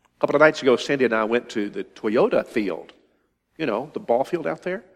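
A man's voice: medium pitch, lively intonation, brisk. Man preaching in an echoing hall. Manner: emphatic, repeats himself for stress. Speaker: pastor. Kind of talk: sermon. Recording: long hall reverb.

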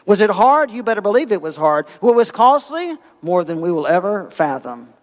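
A man preaching a sermon, telling a parable with lively, animated storytelling and acting out the voices of its characters. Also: high voice, normal speed, big-room sound. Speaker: pastor.

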